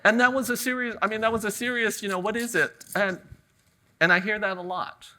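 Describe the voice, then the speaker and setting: Chill middle-aged guy from california doing a flower demo, super bright tense voice, laid-back jokey storytelling. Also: sits high, brisk. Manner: relaxed, joking storyteller. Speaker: ikebana demonstrator. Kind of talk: live floral demonstration talk. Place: garden event venue with audience.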